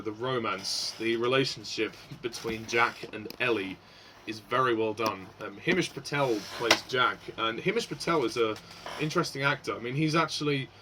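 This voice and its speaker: A man's voice: medium pitch, sharp tone, a little hiss or hum, poor audio. A man giving a casual spoken film review, hesitant, with many fillers and restarts.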